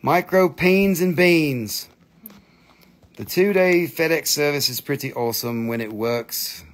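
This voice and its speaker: A man hosting a live crystal sale, chatty and excitable, with crude jokes and non-native phrasing. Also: on the high side, measured pace. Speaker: live-stream crystal seller. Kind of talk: casual live sales chat.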